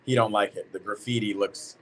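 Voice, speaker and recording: A man's voice: on the low side, fairly even intonation, a little fast, slight background noise. A man hosting a live football watch party, chatting casually in slang and reading out comments from chat.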